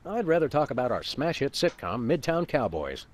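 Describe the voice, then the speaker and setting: A man voicing a deadpan, dry-witted male dog detective in a video game. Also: mid-range voice, moderate pace, natural voice.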